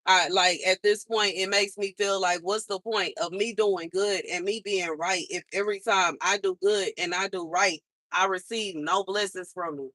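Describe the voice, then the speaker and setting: A woman's voice: medium pitch, steady tone, normal speed, sharp tone, dry recording. A young woman hosting a livestream, venting in a frustrated, repetitive and emphatic way. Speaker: livestream host.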